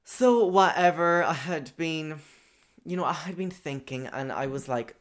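A man's voice: a little high, expressive, a little slow. Chatty young man telling a story. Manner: chatty, profane, lots of "you know" fillers. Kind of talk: casual personal storytelling.

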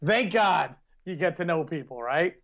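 A man's voice: fairly high pitch, expressive, normal speed, creaky, a bit bright, dull audio. A man co-hosting a podcast, telling rambling stories in casual chat and laughing often. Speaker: podcast co-host.

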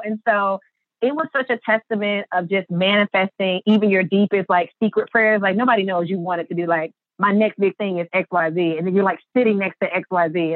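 A woman, an artist telling her story in an interview, lively and acting out the quotes with big jumps in pitch. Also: dry recording. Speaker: artist and business founder, interview guest. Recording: dry, phone-like narrow sound.

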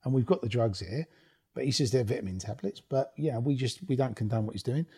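Husky-voiced man telling stories. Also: medium pitch, fast talker, dark tone. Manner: blunt, swears often, laughs while telling stories. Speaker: guest, former rave promoter. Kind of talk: casual storytelling interview.

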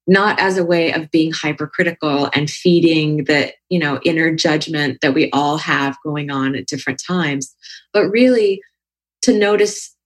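A woman who is a yoga teacher and author, talking in a thoughtful, reflective way in long winding sentences. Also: on the low side. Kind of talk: conversational podcast talk.

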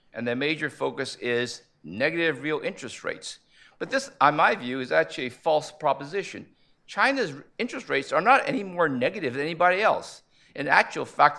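A man speaking at a conference panel, measured and analytical, posing rhetorical questions as he lays out his argument. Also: a little high, bright, forceful tone. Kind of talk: conference presentation.

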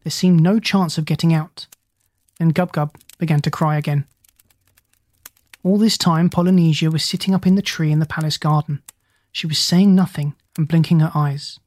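A storybook reader who narrates in a steady, gentle way. The voice is somewhat breathy. It is recorded dry and close to the mic. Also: mid-range voice, moderate pace, no room sound. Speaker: audiobook reader.

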